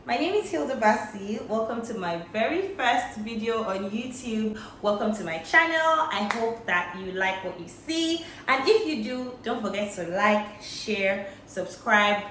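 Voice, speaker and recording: Nigerian woman hosting a cooking tutorial voice-over, chatty and emphatic, with a mid-pitched voice. She drives her tips home with playful stress, with a faint noise behind her. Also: animated, a little slow, a bit bright. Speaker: cooking vlogger.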